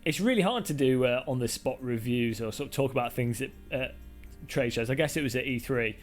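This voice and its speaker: A man's voice: medium pitch, fairly quick, soft background music. A man hosting a live stream, chatting casually in a jokey, rambling, self-deprecating way. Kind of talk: casual live-stream chat while sim racing.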